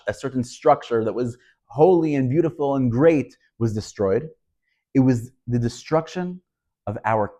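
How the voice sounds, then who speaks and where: A man's voice: medium pitch, mellow. A man, a rabbi, teaching a Torah lesson, speaking emphatically and pressing rhetorical questions as he tells stories. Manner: storytelling delivery.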